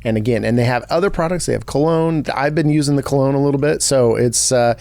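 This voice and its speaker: A man's voice: mid-range voice, quick pace, vocal fry. A man co-hosting a podcast, chatting casually and reading a sponsor spot. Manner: relaxed, agreeable, many fillers. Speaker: podcast co-host. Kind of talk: casual chat and host-read ad.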